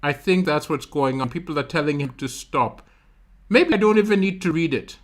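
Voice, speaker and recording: Stand-up comedian from Malawi, male, who tells lively stories into a streaming mic and mixes in sound effects. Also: on the high side, normal speed. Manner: animated storytelling with vocal sound effects. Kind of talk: stand-up comedy livestream talking to chat.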